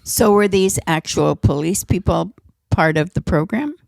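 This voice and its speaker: A woman's voice: fairly low pitch, measured pace, creaky, darkish tone, no echo, clean studio sound. A woman, the host's mother, chatting casually and asking brief, curious questions. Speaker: podcast co-host, the host's mother. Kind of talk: casual chat.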